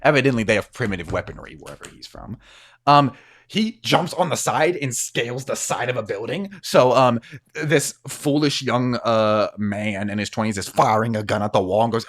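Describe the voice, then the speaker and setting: A man's voice: mid-range voice, expressive, moderate pace. A man narrating as game master of a tabletop role-playing game, rambling with many fillers and frequent laughs.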